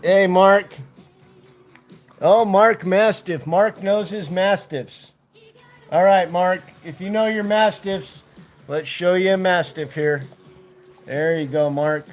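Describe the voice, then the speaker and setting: A man with a fairly high, easygoing voice chats on a casual livestream. He talks in a relaxed, unhurried way to his dogs and to viewers in the chat. Faint music plays softly in the background. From United States. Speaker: vlogger.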